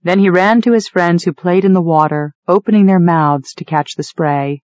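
A woman narrating a novel in the first person, in an even, measured storytelling manner. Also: lowish voice, no room sound. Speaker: audiobook narrator. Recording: dull, dry studio read.

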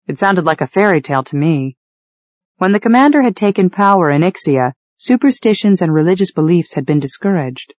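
A woman's voice: on the low side, expressive, brisk, a little mellow, dry recording. Dry, close woman narrating a novel. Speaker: audiobook narrator. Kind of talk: first-person novel narration. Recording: dull, dry studio read.

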